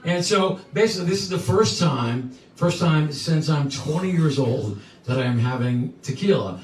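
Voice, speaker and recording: A man's voice: fairly high pitch, expressive, normal speed, a little mellow. A man in his sixties from the New York area, co-hosting a live music stream and telling a rambling story that repeats words and laughs along the way. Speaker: singer and co-host. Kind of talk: casual storytelling between songs. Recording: echoey room, mic from a distance, music behind.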